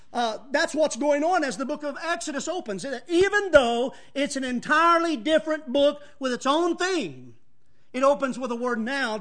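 Male pastor, very high pitch, animated preacher who shifts between casual asides and emphatic scripture reading. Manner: conversational asides with chuckles to the congregation. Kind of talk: sermon. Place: church.

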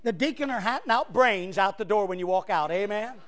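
A male pastor preaching a fiery sermon, swinging from loud cries to hushed asides. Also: high voice, animated, brisk.

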